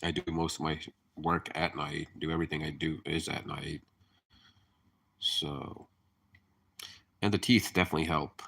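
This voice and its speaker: Male streamer, low voice, laughs a lot and swears casually while chatting to viewers. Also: steady tone, normal speed, creaky, pauses often, fairly bright tone. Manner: rambling, laughing, cursing freely; hyper, chatty. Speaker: live streamer. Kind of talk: casual live-stream chat.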